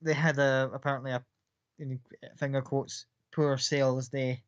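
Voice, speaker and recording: A man's voice: mid-range voice, little pitch movement, moderate pace, clean tone, no room sound. A man running a tabletop game as game master, narrating casually with fillers and the odd swear word. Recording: dull lo-fi, dry.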